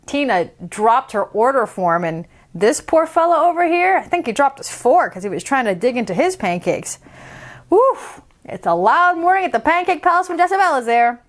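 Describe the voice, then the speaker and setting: A woman's voice: high-pitched, sing-song, brisk, few pauses. A woman reading a story to children in a theatrical, playful way.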